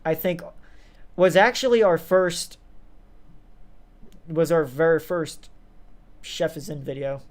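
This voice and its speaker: A man's voice: fairly high pitch, animated, slow pace, long pauses. A young man co-hosting a casual podcast chat, rambling with lots of fillers and restarts. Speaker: co-host.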